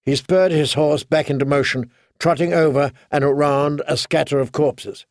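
A man narrating an audiobook in steady, dramatic storytelling. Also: on the high side, moderate pace, no room sound, studio quality. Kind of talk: scripted narration.

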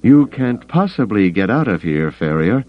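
A man's voice: on the low side, big pitch swings, normal speed, dull audio, pitched above the performer's own voice. A man voicing a cold, suspicious male leader with clipped speech.

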